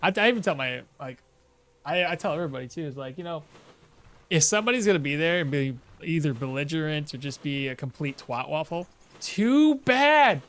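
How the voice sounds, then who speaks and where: A young man streaming a survival game, chatting loosely and telling a profane story with sudden loud outbursts. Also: on the high side, lively intonation, a little fast. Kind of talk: casual gameplay commentary.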